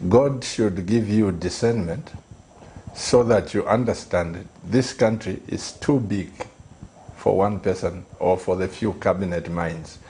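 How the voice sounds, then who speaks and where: A middle-aged man speaks as a pastor, telling his story in earnest with a low, mellow voice. He pleads and repeats phrases to drive them home. A faint hiss of noise sits under the recording. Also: slow pace. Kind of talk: earnest storytelling on a talk show.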